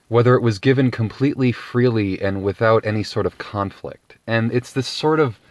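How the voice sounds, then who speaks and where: A man's voice: lowish voice, dry recording. Man ranting to camera, rambling and profane, dry close sound. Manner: profane, digressive, animated. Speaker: video blogger. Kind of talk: ranting commentary monologue.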